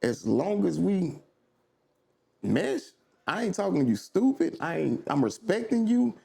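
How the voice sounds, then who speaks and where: A man from Baton Rouge, a podcast guest telling stories with animated southern slang in casual conversation. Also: high voice, measured pace, gravelly. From Baton Rouge, Louisiana.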